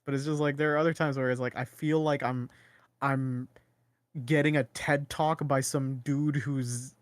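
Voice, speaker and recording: A Canadian man co-hosts a podcast in casual conversation, rambling animatedly and often restarting his sentences. His mid-range voice moves at a moderate pace, and the clean studio recording has no room sound.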